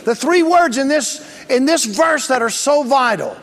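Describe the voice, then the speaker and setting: A man's voice: extremely high pitch, expressive, measured pace, few pauses. A man preaching a sermon as pastor, plain-spoken and emphatic, calling for responses from the congregation. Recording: long reverb of a large hall.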